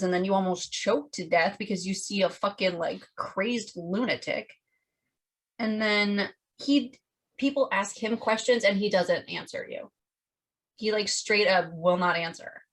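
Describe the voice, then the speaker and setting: A woman co-hosting a podcast, chatting casually and telling a story in an animated, profane way. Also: mid-range voice, a little slow, low-quality recording. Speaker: podcast co-host. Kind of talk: casual chat.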